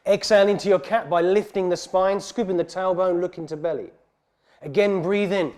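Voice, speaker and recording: Calm yoga teacher, a man, slightly high. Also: a little fast. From England. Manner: calm, steady cueing of breath and poses. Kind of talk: guided yoga class instruction. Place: heated yoga studio.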